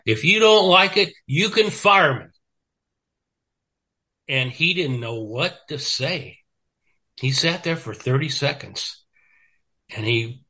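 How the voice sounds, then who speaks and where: A man's voice: on the high side, sharp tone, slightly rough. Rambling older man telling radio stories. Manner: rambling, many fillers and restarts, laughs while telling stories. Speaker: radio programmer and consultant. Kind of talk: casual storytelling conversation.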